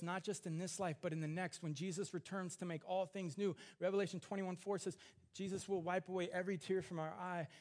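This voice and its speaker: With a voice that leans high, a man preaches sincerely from scripture, his sermon alternating between tender, hushed moments and rising, emphatic questioning.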